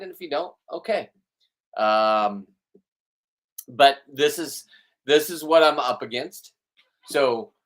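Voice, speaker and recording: Man rambling and joking to viewers. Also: mid-range voice. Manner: joking, boastful, off-the-cuff. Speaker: vlog host. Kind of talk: casual rambling chat.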